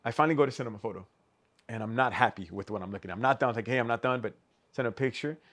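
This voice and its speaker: A man, a podcast guest, telling a story in an animated, casual way, swearing freely and acting out the lines of the people in it. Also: fairly low pitch, racing. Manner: animated, swears, acts out quoted dialogue. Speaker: podcast guest, custom shoe artist.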